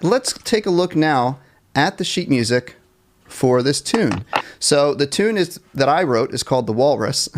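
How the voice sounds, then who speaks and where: A man at an everyday middle pitch teaches a jazz band class live over a computer mic. He counts off bars, sings short scat lines and jokes about his own slips. His tone stays relaxed and encouraging. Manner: upbeat and encouraging, counts off and scats melodies; self-deprecating about small mistakes. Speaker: music teacher.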